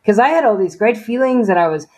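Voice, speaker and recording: A woman's voice: fairly high pitch, animated, quick pace, a little mellow, rough recording. A woman as an interview guest giving a personal faith testimony in conversation, earnest and storytelling, with frequent "you know" and "like".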